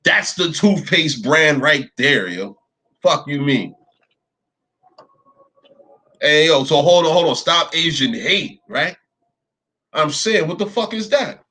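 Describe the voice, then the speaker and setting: Man, high voice, crisp bright tone, profane reaction commentary, faint music behind. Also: slow pace, long pauses. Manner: animated, swearing, repetitive, rhetorical questions.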